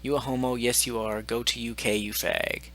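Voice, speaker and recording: Sarcastic man with a sharp voice. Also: medium pitch, flat delivery, moderate pace. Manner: mocking, exasperated, sarcastic. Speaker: gaming channel host. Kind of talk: sarcastic commentary on received messages.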